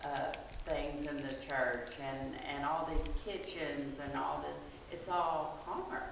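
A woman in a class, speaking up in the discussion in an earnest, halting way with restarts. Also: sits low, fairly even intonation, gravelly. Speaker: class member. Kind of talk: casual discussion. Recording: distant, echoey room with noise.

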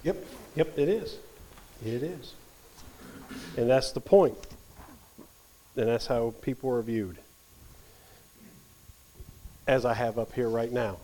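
A man leading a Bible study, reading scripture aloud and teaching with animated emphasis that drops at times to a near whisper. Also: mid-range voice, unhurried, long pauses, slight background noise, rough recording.

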